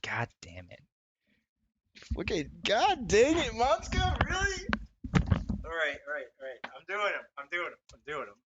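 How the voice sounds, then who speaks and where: A man livestreaming casually from his desk at home, laughing often, swearing and talking excitably to his chat. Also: sits high, normal speed, pauses often, muffled recording, heavy background noise. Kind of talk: casual live-stream chat. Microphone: desk mic, wearing wired headphones.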